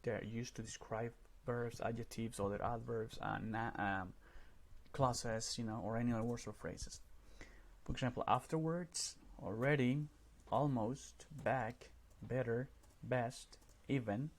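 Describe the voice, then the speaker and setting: A man's voice: medium pitch, unhurried. A man teaching a recorded grammar lesson over slides, explaining step by step and often checking in with "right?".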